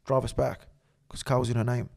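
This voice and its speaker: A man, a guest telling a story in casual, profane, animated talk. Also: medium pitch, fast, creaky. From Australia.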